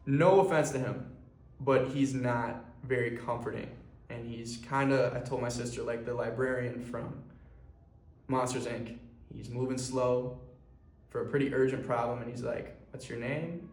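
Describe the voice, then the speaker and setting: In an echoey room, a young man records a personal vlog monologue, speaking earnestly and ramblingly to camera with many fillers. He runs a clothing brand, and his mid-range, darkish voice holds a level tone at a measured pace.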